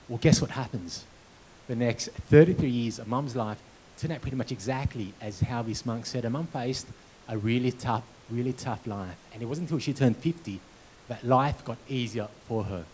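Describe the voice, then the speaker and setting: Brief: keynote speaker, mid pitch, lively storytelling with comic timing. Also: male voice, normal speed, slightly rough, rough recording. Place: conference hall.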